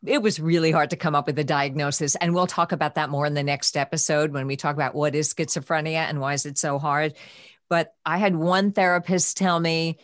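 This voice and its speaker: A middle-aged woman hosting a podcast, telling a personal story in an emotional, soft-spoken way that sometimes drops to a whisper. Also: fairly low pitch, fairly even intonation, moderate pace, no room sound, clean studio sound. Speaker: podcast host.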